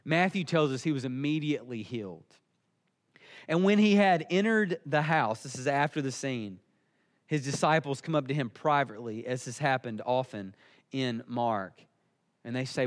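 A man's voice: mid-range voice, expressive, normal speed, long reverb tail. A man preaching a sermon, earnest and emphatic. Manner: earnest, emphatic, building in intensity.

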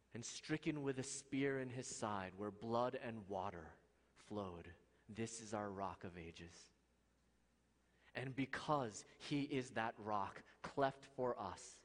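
A man preaching a sermon with passion, swinging from loud, soaring lines to hushed, quiet ones. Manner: impassioned, swings from loud highs to hushed lows. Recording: long hall reverb.

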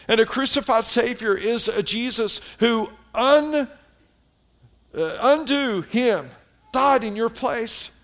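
A man's voice: high-pitched, fairly bright tone. A middle-aged man preaching a sermon as pastor, emphatic and putting questions to the congregation.

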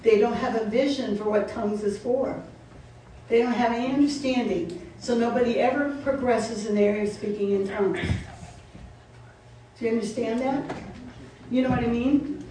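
A woman preaching to her congregation, driving her points home with repeated questions. Her voice sits fairly high but sounds mellow. She is heard from a distance in a very roomy church with faint background noise. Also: moderate pace. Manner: animated, repeating questions to the congregation, laughing asides. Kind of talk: sermon. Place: church sanctuary.

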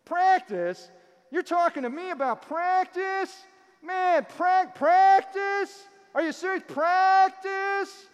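A man's voice: very animated, very slow, vocal fry, big-room sound, dull audio, heavily acted. A man doing an impression of a star athlete ranting in disbelief about practice, his voice jumping far above his own. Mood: incredulous. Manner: shrill, repeated exasperated questions.

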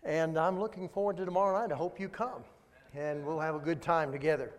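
An older man, a guest speaker, preaching a sermon and telling a family story in a folksy, animated way. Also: fairly high pitch, a little fast. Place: large church sanctuary. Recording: long reverb of a large hall. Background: congregation.

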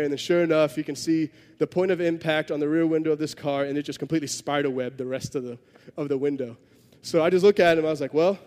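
A man's voice: on the high side, darkish tone, long reverb tail. A man preaching a sermon, telling a story in a conversational way with self-deprecating humor. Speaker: pastor.

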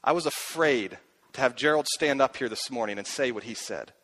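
A man's voice: mid-range voice, fairly quick, a bit bright. A middle-aged man preaching a sermon as a pastor, earnest, asking himself questions aloud and repeating key phrases.

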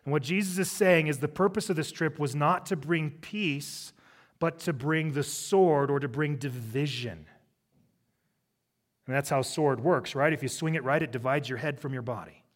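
Middle-aged pastor guy preaching, chatty and jokey, bit high voice. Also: moderate pace. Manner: conversational preaching with humorous asides. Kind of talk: sermon.

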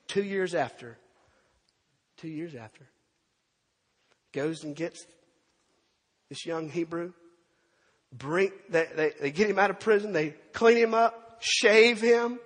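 Pastor, male, high-pitched storyteller in a reverberant hall, acts out the quotes. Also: slow pace, long pauses. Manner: storytelling, animated, with acted-out quotes and asides to the congregation. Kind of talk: sermon.

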